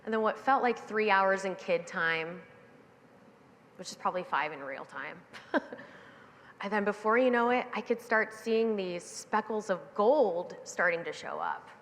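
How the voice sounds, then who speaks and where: A woman's voice: medium pitch, unhurried, a little hiss or hum. Woman keynote speaker in a reverberant hall. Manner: animated, acting out the voices in her anecdote. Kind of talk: storytelling keynote talk. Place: stage in a large event hall. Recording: long reverb of a large hall.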